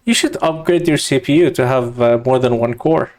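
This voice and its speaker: A man's voice: mid-range voice, a little fast, darkish tone. A man co-hosting a casual podcast chat, teasing and bantering playfully with his co-host.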